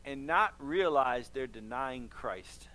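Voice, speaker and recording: A man's voice: mid-range voice, animated, takes it slowly, sharp tone. Emphatic preaching man. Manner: emphatic preaching, repeats phrases for stress. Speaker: pastor. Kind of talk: sermon and closing prayer.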